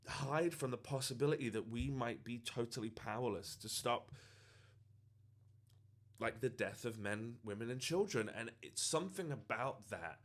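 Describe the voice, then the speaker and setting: With lively intonation and a normal speed, a male TikTok creator recounts a personal story earnestly and thoughtfully. His voice is medium-pitched, and fillers come up often.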